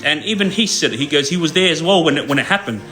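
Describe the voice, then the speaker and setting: A man's voice: fairly high pitch, animated, fast, pushed and bright, soft background music. A man and former inmate telling prison stories to livestream viewers in a loose, laid-back way, with lots of fillers and tag questions. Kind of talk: casual storytelling to viewers.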